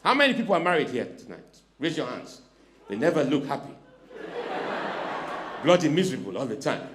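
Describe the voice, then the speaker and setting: A man performing stand-up comedy on a club stage, teasing the audience and swinging between hushed asides and sudden shouts into a handheld mic. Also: medium pitch, big pitch swings, moderate pace, slight background noise.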